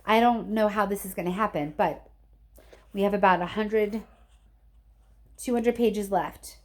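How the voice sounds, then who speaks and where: Expressive woman reading a novel aloud. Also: medium pitch, unhurried. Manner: expressive, chatty asides to listeners. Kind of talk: chapter read-aloud to students.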